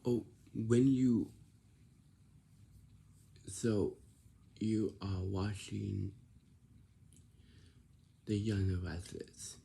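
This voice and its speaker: Speaking slowly in a dark, mellow, low and gravelly voice, a vlogger offers everyday life advice in a relaxed lecturing monologue. He instructs by repetition, doubling back and restarting his sentences and leaning on tag questions.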